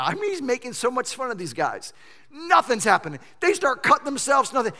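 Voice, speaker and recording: A man pastor preaching a sermon in a church sanctuary, animated and swinging between loud shouting and hushed intensity. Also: very high voice, brisk. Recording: long church-hall reverb.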